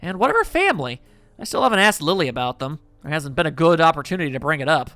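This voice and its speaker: Let's play host narrating a visual novel, bright slightly high voice, soft guitar underneath. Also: male voice, very animated, fast, no room sound. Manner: reflective first-person narration. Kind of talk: reading a visual novel aloud.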